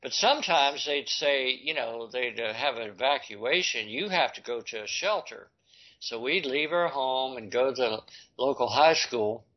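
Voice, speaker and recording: An older man telling a personal story in a lively way, acting out the voices he quotes. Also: medium pitch, unhurried. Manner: animated, acts out quoted voices. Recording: dull lo-fi recording.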